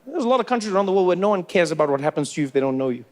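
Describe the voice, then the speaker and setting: A man with a South African accent performing stand-up comedy, animated and acting out characters. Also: sits high, racing. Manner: animated, acts out voices.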